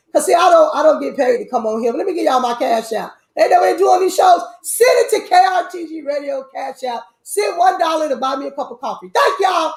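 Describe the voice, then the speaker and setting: A woman hosting a casual live-stream chat, animated, with loud outbursts and a lot of repeating herself. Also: high-pitched. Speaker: host. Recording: echoey room.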